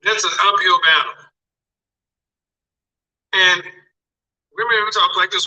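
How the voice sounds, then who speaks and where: A man's voice: high voice, fairly even intonation, a little slow, long pauses, pushed and bright, far from the mic, low-quality recording. A man lecturing viewers on dating in emphatic commentary, often repeating his phrases for effect.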